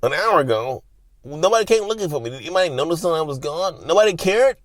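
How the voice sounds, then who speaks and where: Man doing a whiny narcissist voice, high plaintive guilt-tripping, dry close sound. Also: expressive, quick pace, no room sound, lightly acted. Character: whiny self-pitying narcissist man, attention-hungry.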